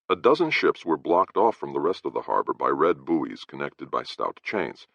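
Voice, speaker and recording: A man narrating an audiobook in first person with measured storytelling, in a dry, slightly dull recording. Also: rumbling low, very animated, gravelly, fairly bright tone, dry recording.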